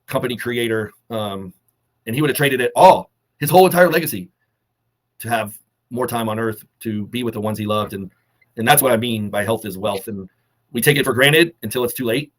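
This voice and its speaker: A man co-hosting a fitness talk, delivering earnest, measured motivational advice and holding back emotion. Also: mid-range voice. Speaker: co-host of a fitness summit talk.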